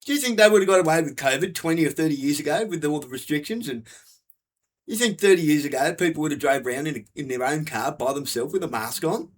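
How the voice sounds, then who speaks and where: A man, his voice sitting a bit higher than most men's. He rants bluntly and keeps swearing, looping back over the same points in a hard, sweary delivery. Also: expressive, fast talker. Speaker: vlogger. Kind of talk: angry profane rant.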